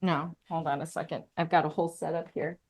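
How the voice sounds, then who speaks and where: A woman puppeteer, a guest on a video-call interview, telling lively stories with lots of laughter and fillers. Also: low-pitched, fast. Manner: animated, laughing, many fillers. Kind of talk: casual interview storytelling.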